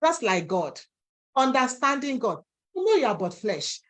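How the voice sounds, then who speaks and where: High-voiced Nigerian woman preaching. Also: very animated, normal speed, a bit bright. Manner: impassioned, preachy, acts out voices in the story. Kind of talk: sermon.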